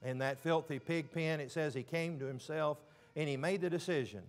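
A man preaching a sermon, stressing words slowly and dropping suddenly to a hush. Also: a little high. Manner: emphatic, with slow drawn-out stresses and sudden quiet drops.

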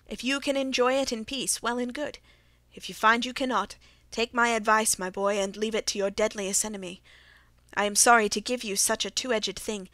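A woman reading aloud and voicing a fierce, quick-tempered, reclusive old male colonel who speaks in gruff, commanding bursts. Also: a little high, fairly bright tone, dry recording, natural voice.

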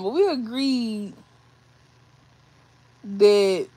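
A woman livestreaming from her phone, her voice pitched a little high. She rambles through an emotional story, restarting and repeating phrases, audibly shaken. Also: moderate pace. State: shaky, emotional. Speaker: vlogger doing a livestream. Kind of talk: emotional casual storytelling to viewers. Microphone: phone or webcam on a livestream.

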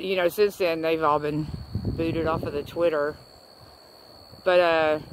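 Fervent woman preaching outdoors. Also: lowish voice. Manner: fervent and preachy, breaking off to coo at cows. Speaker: religious vlogger. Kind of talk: rambling religious rant. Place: outdoors in rural pasture by cows. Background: wind and animals.

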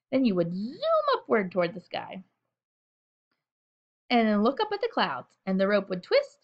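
A woman reads a children's story aloud at bedtime, gentle and expressive. Her pitch moves in a lively, animated way through the sentences. The recording sounds dull and lo-fi. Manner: gentle, expressive, chatty asides.

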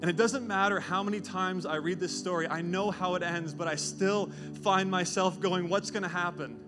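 A male pastor delivers a lively sermon and turns scripture into vivid storytelling. His voice sits a little high for a man. Music plays clearly beneath him. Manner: animated storytelling with quick put-on voices and asides.

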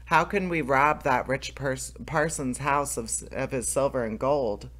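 A man reading aloud as a pair of sneaky grown thieves in a storybook, hushed and urgent. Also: mid-range voice, measured pace, close to an everyday voice. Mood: scheming.

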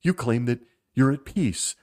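A man's voice: medium pitch, a little slow, a little mellow. A man hosting a podcast, giving critical commentary in a sarcastic, mocking way. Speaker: podcast host.

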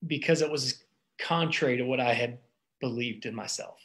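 A man's voice: medium pitch, slow, pauses often, sharp tone. A middle-aged man, a doctor, giving an earnest, personal motivational talk about stress and thoughts, with frequent restarts and fillers. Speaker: doctor giving wellness advice.

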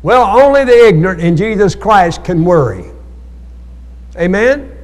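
Preaching in an echoey church hall during Bible study, a male pastor draws amens from the congregation through call-and-response. His voice sits high, and he speaks expressively at a measured pace.

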